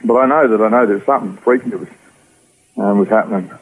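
A man with an Australian accent telling his personal story in rough, slangy speech as an interview guest. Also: fairly low pitch, quick pace, phone-quality sound, a little hiss or hum. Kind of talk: personal testimony.

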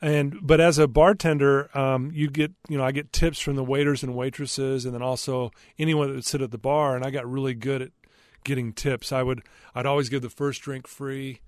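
A man's voice: mid-range voice, flat delivery, normal speed, no echo, clean studio sound. A man earnestly telling a personal story as a podcast guest, candid and loose, with frequent fillers.

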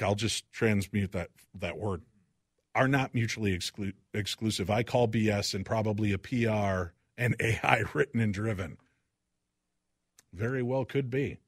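A middle-aged man hosts a talk radio show with a husky, slightly breathy voice. He talks with passion, rising to loud outbursts and dropping to quiet reflection. The studio sound is dry and close. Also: lowish voice, moderate pace, dry recording. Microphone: studio microphone.

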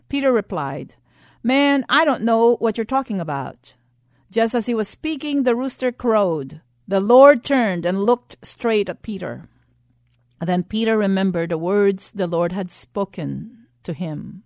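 A woman delivers a sermon at a slow, deliberate pace, her voice at an ordinary pitch. The sound is close and dry, with no room around it. She moves between hushed scripture reading and pressing, repeated questions to her listeners. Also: no room sound. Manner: reads scripture softly, then builds to emphatic questions. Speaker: preacher.

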